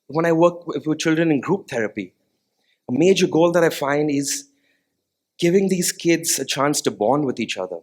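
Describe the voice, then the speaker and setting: A man's voice: mid-range voice, lively intonation, moderate pace. A man, a music therapist, giving an earnest stage talk to a live audience, asking them questions now and then. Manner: sings short nursery melodies as demonstrations. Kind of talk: TEDx-style stage talk.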